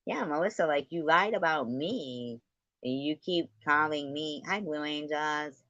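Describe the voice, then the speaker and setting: A woman hosting a live stream, taunting and swearing at a guest, her voice swinging between loud jabs and low mutters. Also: measured pace, no echo. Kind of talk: heated live stream argument. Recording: dull lo-fi stream audio.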